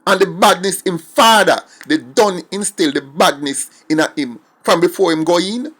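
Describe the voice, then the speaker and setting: A man's voice: high voice, moderate pace, a bit bright. A middle-aged Jamaican man giving an emphatic, indignant opinion monologue and slipping between English and patois. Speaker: commentator.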